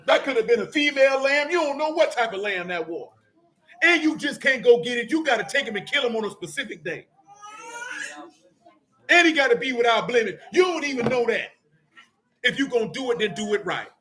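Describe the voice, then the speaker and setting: A middle-aged man preaching a fiery sermon in street slang, scolding and sometimes shouting. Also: extremely high pitch, animated, brisk.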